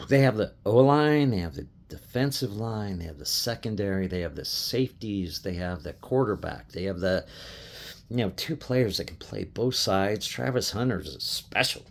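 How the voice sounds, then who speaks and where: A man's voice: lowish voice, animated, a little slow, vocal fry. A middle-aged man from Colorado, a sports fan, talking passionately to camera in an emotional rant, repeating himself, swearing, and getting choked up. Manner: impassioned, repetitive, swearing, restarts.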